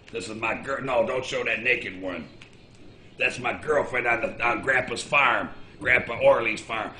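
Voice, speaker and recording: A man's voice: mid-range voice, sharp tone, slight background noise. A man in his sixties telling rambling personal stories, blunt and profane, jumping from memory to memory. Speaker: interviewee. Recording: roomy echo.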